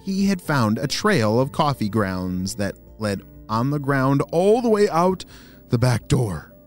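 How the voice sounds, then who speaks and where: A man's voice: medium pitch, sing-song, measured pace, faint music behind. A man hosting and narrating children's stories in an enthusiastic, playful way. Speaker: children's storyteller and host. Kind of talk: animated story narration for kids.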